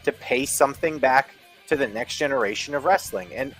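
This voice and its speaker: A man from Philadelphia with a mid-range voice and a Philadelphia accent talks through his opinions in long, winding takes. He leans on "like" and "you know" as he goes. Faint music sits softly underneath. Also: mid-range voice, brisk. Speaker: co-host. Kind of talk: casual podcast chat.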